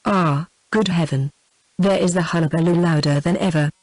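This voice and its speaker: A synthetic British female voice reading the lines of a fretful middle-aged male innkeeper, in the same even voice as the narration. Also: on the low side, normal speed, dry recording, natural voice, low-quality recording. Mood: worried. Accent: British English.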